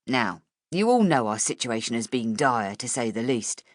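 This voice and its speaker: Lady reading a no-nonsense boss guy, low and dry, kinda impatient. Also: big pitch swings, normal speed, no room sound, heavily acted. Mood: brisk. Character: brisk middle-aged male newspaper editor, impatient.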